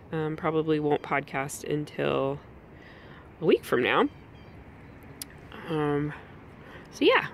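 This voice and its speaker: A woman's voice: sits low, a little hiss or hum. A woman hosting a knitting podcast, chatting casually about her projects with frequent ums, a little out of breath.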